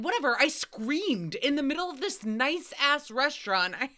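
A young woman hosting a podcast, telling stories in a casual, animated way, swearing freely and acting out what people said with loud outbursts. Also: sits high, normal speed. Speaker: podcast host. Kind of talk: casual storytelling recap.

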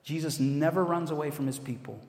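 An American man delivers a sermon in a relaxed, conversational way, dropping in self-deprecating asides. His voice sits a touch high for a man. The sound carries the long, echoey reverb of a large hall. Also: fairly quick. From United States. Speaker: pastor.

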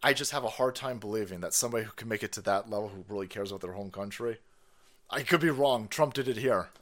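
A man's voice: lowish voice, quick pace, fairly bright tone. A man hosting a live stream, ranting in a profane, sarcastic way and laughing often. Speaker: streamer host.

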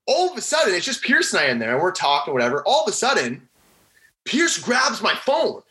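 A man's voice: high-pitched, fairly quick, low-quality recording. A young man, a former college hockey player, telling a prank story in a casual interview and acting out his friends' lines. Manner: animated, acts out the voices of friends in his story.

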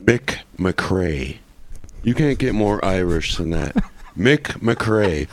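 A man's voice: deep voice, animated, slow. A man chatting loosely as a podcast guest, profane and full of restarts. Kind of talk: casual podcast chat.

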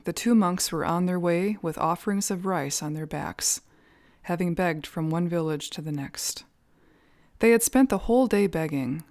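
Calm, low-voiced woman storyteller. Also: no echo, studio quality. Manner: calm, measured, with soft fillers. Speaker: storyteller at a Zen center. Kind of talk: storytelling podcast narration.

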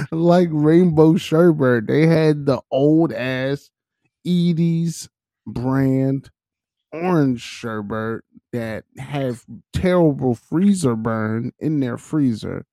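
A man co-hosting a podcast in casual chat, slangy, joking and animated. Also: a little high, drawn-out words, creaky, dry recording, studio quality. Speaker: podcast co-host.

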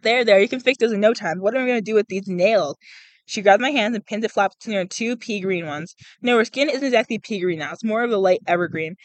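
A woman's voice: medium pitch, fast talker, no room sound, rough recording. Young adult woman, casual read-aloud host, stumbles and giggles, dry cheap-mic sound. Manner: stumbles over words, laughs often, says "like" a lot. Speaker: podcast host reading a book aloud. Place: outdoors in a public spot. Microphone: cheap small microphone.

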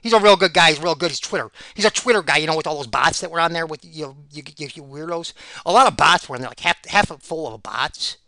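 A man's voice: on the high side, quick pace, sharp tone, dry recording. A man giving rambling solo commentary on fight picks, sarcastic and ranting, repeating himself.

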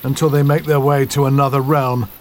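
A man's voice: medium pitch, level tone, brisk, slight background noise, lightly acted. A man playing a weary farmer husband. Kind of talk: radio soap parody sketch.

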